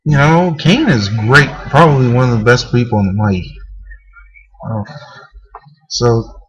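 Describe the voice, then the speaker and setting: A man's voice: mid-range voice, a little slow, breathy edge, poor audio. A man reviewing a wrestling show in a casual, rambling way, full of hesitations and the odd swear word.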